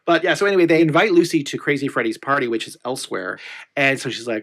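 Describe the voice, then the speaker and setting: A man's voice: a little high, racing. Chatty man retelling TV scenes. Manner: chatty, animated retelling of scenes with quoted lines. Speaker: podcast co-host. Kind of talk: casual chat recapping a TV episode.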